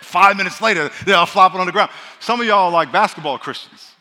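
Upbeat man preaching a sermon in a big church, bright voice, long echoey reverb, jokes around and gets folks to repeat after him. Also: sits high, fast talker. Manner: energetic, joking, call-and-response with congregation. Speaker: pastor. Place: large church hall.

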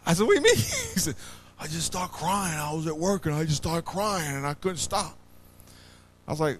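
A man preaching a sermon as pastor, swinging between loud bursts and hushed low passages. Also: huge pitch swings, normal speed, pauses often, breathy edge. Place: church.

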